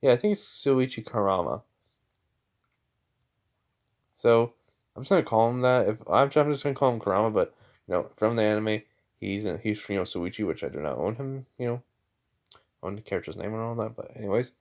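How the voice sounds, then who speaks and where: A man's voice: fairly low pitch, animated, quick pace, a little mellow. A young man improvising a fan story, rambling with many fillers and self-corrections.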